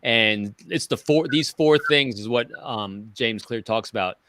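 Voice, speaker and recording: A man co-hosting a casual panel chat, quickly running through points from his notes. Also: mid-range voice, pushed and bright, no room sound. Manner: quick, list-like, reading notes. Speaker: podcast co-host.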